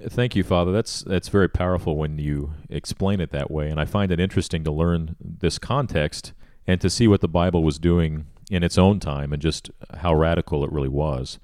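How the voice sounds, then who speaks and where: A man's voice: sits low, fairly even intonation, normal speed, a little mellow, no echo, studio quality. A man hosting a church podcast, politely asking short questions and reading Bible verses aloud. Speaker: podcast host.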